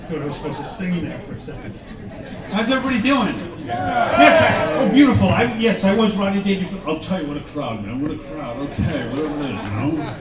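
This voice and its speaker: A man doing stand-up on a live stage, telling rambling, self-deprecating stories in a slightly high voice. He sounds a bit far from the mic in an echoey room. A laughing crowd can be heard behind him. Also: sing-song, a little fast. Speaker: stand-up comedian. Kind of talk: stand-up comedy set. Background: audience laughter.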